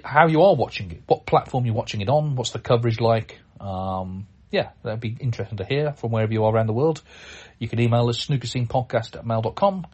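A man with a somewhat husky voice hosts a podcast alone in a loose, chatty way. He rambles, restarts his sentences and fills gaps with ums and uhs. His pitch sits in the middle. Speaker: podcast host. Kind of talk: casual solo podcast talk.

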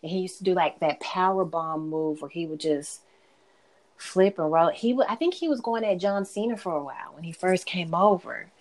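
Blunt, opinionated low-voiced woman. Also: darkish tone. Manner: blunt, opinionated, quick to judge. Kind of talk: casual chat.

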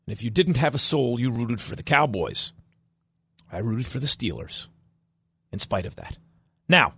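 Husky, animated male sports podcast host. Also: medium pitch, moderate pace, no echo. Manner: animated, wisecracking, jumps between loud and soft. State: slightly losing his voice. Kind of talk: sports talk monologue.

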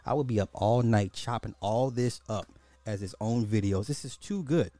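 A man's voice: fairly low pitch, moderate pace, dark tone, no echo, soft background music. A man hosting a commentary podcast, repeating rhetorical questions in disbelief and talking straight to his listeners. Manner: incredulous, repetitive, rhetorical questions; addresses listeners as y'all. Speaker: podcast host. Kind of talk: social commentary reacting to clips.

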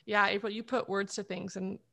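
A woman podcast host who answers her guest with soft, affirming replies. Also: medium pitch, level tone, a little fast, gravelly. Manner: affirming, soft back-channel responses. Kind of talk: interview listening and responding.

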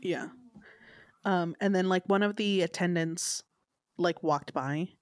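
Woman, fairly low voice, casual podcast storyteller, dry close sound. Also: slow, no echo. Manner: animated storyteller, mimics people with a raised pitch. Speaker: podcast co-host.

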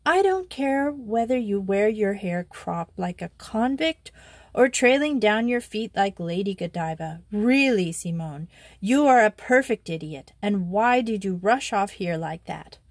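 A woman reader voicing a brisk, blunt twelve-year-old English schoolgirl who talks firmly and scolds. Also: mid-range voice, lively intonation, dry recording. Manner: firm, scolding, no-nonsense.

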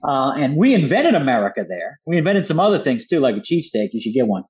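A man's voice: mid-range voice, sing-song, fast, a little mellow, highs cut off. A man with a Philadelphia accent, a guest on a talk radio show, making his points in punchy, combative bursts full of rhetorical questions. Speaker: guest author.

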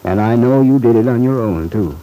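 A man's voice: mid-range voice, animated, brisk, mellow, natural voice, poor audio. An actor playing a fatherly middle-aged bank-owning uncle in a vintage radio soap, genial and chuckling. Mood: concerned. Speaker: bank executive.

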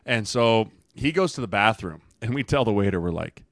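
A man's voice: on the low side, expressive, fairly quick, fairly bright tone, no room sound, clean studio sound. A man co-hosting a football podcast, telling a team dinner story in casual chat with mocking quoted lines. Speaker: podcast co-host, former NFL lineman.

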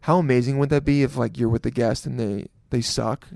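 Brisk and creaky, the host's mid-range voice has a darkish tone and fairly even intonation. He's opening a solo podcast casually, cracking jokes, swearing, and laughing often.

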